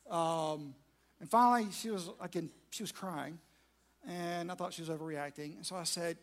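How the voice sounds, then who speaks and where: A man's voice: on the high side, moderate pace. A man, preaching a sermon to a large room through a self-mocking personal story. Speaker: pastor.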